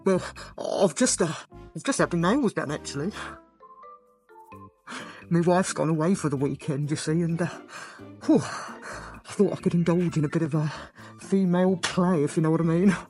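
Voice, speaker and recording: A woman's voice: lowish voice, normal speed, pauses often, soft background music, lightly acted. A woman doing Terry, a giddy British man. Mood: giddy, naughty. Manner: breathy, giggly, excitable oohs and ahs. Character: giddy middle-aged British man, secretly dressing up. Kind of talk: character sketch monologue.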